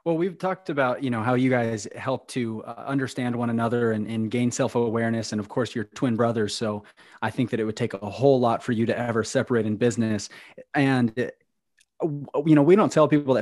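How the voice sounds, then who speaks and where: An earnest male host asks his guests long questions in a steady, mid-pitched voice. The recording is dry and close. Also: fairly quick, dry recording. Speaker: podcast host, coach. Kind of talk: interview questions.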